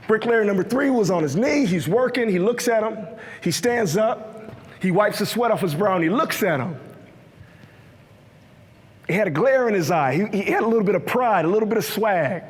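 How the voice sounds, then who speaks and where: A man's voice: high-pitched, brisk. A young man giving a motivational keynote, full of energy and leading the audience in call-and-response. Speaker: keynote speaker. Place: large hall with a live audience. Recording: echoey hall.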